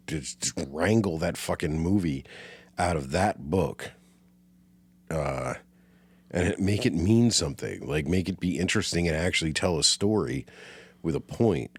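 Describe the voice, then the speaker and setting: Very deep-voiced laid-back man. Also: breathy edge, dry recording. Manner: profane, laid-back, laughs often. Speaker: podcast co-host. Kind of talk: casual movie chat.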